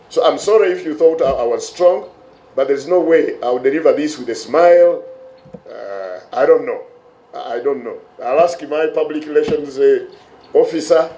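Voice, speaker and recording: A middle-aged man with a Ugandan accent and a hoarse voice, giving a stern, emphatic press briefing as head of a regulatory agency. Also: on the high side, mellow. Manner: stern, emphatic, with repeated words. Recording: echoey room.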